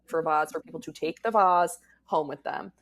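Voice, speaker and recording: A woman's voice: low-pitched, fairly even intonation, fairly quick. A woman appearing as a guest florist on a podcast, talking frankly and chattily. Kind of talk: casual interview chat.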